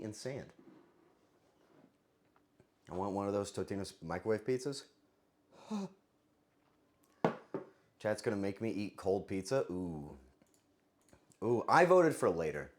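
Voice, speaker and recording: A man hosting a casual livestream, joking and swearing as he thanks viewers for subscriptions. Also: medium pitch. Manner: profane, joking, thanks chat for subs. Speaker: livestream host.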